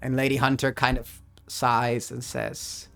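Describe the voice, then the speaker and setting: A man narrating his solo tabletop role-playing game and reading out rules, who gets excited by dice rolls. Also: mid-range voice, measured pace, faint music behind. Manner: excitable, laughs at dice results.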